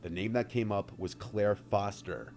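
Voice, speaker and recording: A man reading a first-person story aloud in a steady, even manner. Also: on the low side, a little slow. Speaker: story narrator. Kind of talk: narrated story read aloud. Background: faint music.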